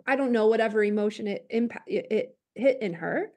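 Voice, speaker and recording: A woman's voice: on the high side, a little fast, darkish tone. A woman interviewer in a casual conversation, reasoning aloud with hedges and restarts.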